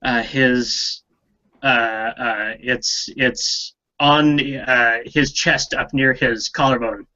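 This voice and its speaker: A man playing a tabletop game who talks slowly and hesitantly, with many fillers. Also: medium pitch, fairly even intonation, sharp tone, lo-fi sound. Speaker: player.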